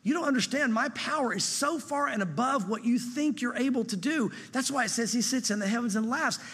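A man preaching a sermon, emphatic, slowing and dropping his voice on key lines. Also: a bit bright, breathy edge, long reverb tail. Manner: emphatic, drops pitch and slows on key lines.

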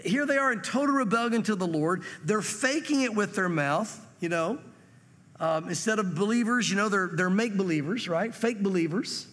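A pastor delivers a conversational sermon, reading verses aloud and voicing the people in them. His voice sits high for a man. The sound rings with the long reverb of a hall. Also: lively intonation, moderate pace, fairly bright tone. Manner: conversational preaching, reads scripture aloud and acts out quotes.

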